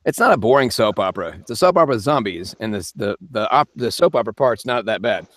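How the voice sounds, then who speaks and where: A male voice actor hosting a casual live-stream Q&A. He is chatty and joking, answers chat questions quickly and laughs often from his home studio. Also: on the low side, animated, fairly bright tone, dry recording.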